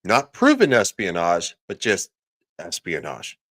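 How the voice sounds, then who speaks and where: A man with a lowish voice rants through a livestream in a sarcastic, crude manner. He breaks off to read viewers' chat comments aloud. The recording is dry and close, with no room sound. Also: wildly swooping pitch, measured pace, a bit bright, no room sound. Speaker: livestream host.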